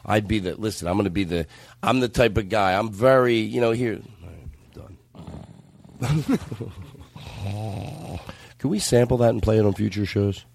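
A man's voice: fairly low pitch, a little slow, creaky, pauses often, darkish tone. A man hosting a podcast in casual comedic banter, joking and profane with a rambling manner. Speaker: podcast host.

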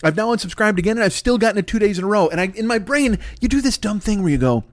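A man's voice: high voice, animated, racing, no room sound. A man in his fifties ranting alone at a desk, rambling, exasperated and full of swearing. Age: 50s. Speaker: podcast host. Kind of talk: solo comedic rant.

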